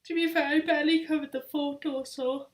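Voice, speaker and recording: Woman, young adult, high voice, chatty quiz host, rambling, self-deprecating. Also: steady tone, a little fast. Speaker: travel vlogger hosting a live quiz. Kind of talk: casual live-stream chat.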